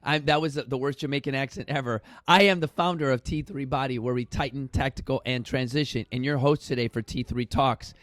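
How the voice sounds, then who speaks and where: A man's voice: mid-range voice, fairly even intonation, brisk, hardly any pauses, fairly bright tone, dry recording. Blunt, chatty man hosting a fitness talk. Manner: blunt and chatty, swears for emphasis, addresses viewers as "you guys". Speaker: fitness studio founder and show host. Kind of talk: casual motivational talk to camera. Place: fitness studio.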